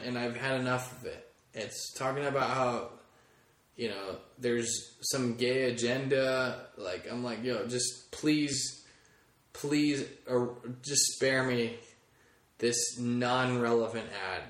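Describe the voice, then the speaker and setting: A man's voice: medium pitch, fairly bright tone. A man hosting a comedy podcast, rambling through a chatty, casual monologue and swearing freely. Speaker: podcast host. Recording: echoey room.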